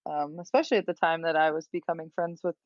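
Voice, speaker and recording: Woman from the US East Coast, podcast guest, lowish voice, relaxed, dull dry video-call audio. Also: quick pace, dry recording. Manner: relaxed, laughs while talking. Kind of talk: casual chat.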